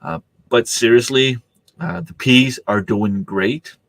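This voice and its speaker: A man's voice: medium pitch, expressive, slow, fairly bright tone, slight background noise. A middle-aged man, hosting a casual livestream chat, rambling with many fillers and restarts while he has the hiccups. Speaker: livestream host.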